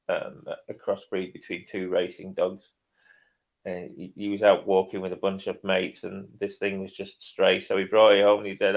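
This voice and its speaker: A middle-aged man chats casually on a livestream, laughing often as he reads out comments. His voice sits fairly low, and the audio comes through dull and muffled. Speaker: livestream co-host. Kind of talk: casual chat.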